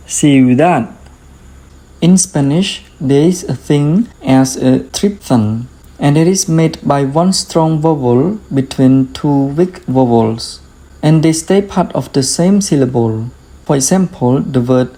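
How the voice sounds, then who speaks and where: Slow, careful language teacher. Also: mid-range voice, warm tone. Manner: slow and careful, repeats each example word twice. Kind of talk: beginner language lesson.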